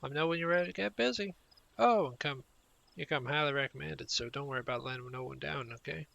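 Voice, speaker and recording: A man's voice: a little high, quick pace, gravelly, a bit bright. Man reading as a welcoming ranch wrangler woman. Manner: reads the quest text aloud in a put-on accent of his own. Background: game music.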